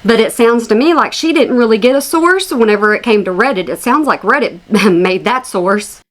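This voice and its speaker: Woman host, sassy mocking reaction commentary, voice pitched a little high. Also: animated, moderate pace. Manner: sassy, mocking, talks straight to viewers.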